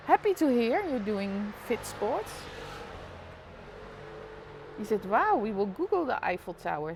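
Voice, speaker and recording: On a live stream, a Dutch-accented woman casually describes the street below her apartment window. Her medium-pitched voice has vocal fry and a darkish tone, with slight background noise behind it.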